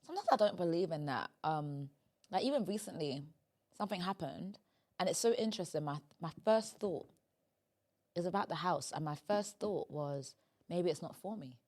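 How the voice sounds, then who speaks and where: A woman hosting a comedy podcast in casual chat, emphatic and teasing, jumping from loud bursts to quiet asides. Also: on the low side, expressive, moderate pace. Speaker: podcast host.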